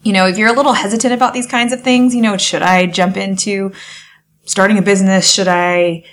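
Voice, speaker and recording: A young woman guest on a podcast, chatting and telling her story in an animated way, acting out past conversations. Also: mid-range voice, brisk. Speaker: podcast guest, wedding photographer. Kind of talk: casual interview chat.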